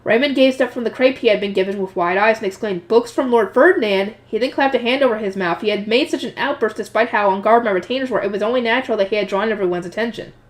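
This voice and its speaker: A woman's voice: medium pitch, fast talker, few pauses. A woman reading a novel aloud in a casual way, now and then correcting her own slips. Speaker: reader.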